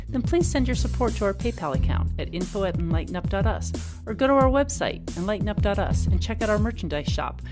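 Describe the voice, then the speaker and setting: A woman host delivers the scripted podcast opening in a friendly, smooth read. Her voice sits a touch low, and loud music plays underneath. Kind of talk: scripted show intro. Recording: intro with loud music bed.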